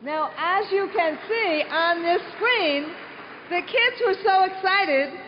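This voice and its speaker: A woman giving a prepared conference speech, reading out announcements deliberately. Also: very high voice. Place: large conference hall. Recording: reverberant hall, dull lo-fi sound, faint hiss.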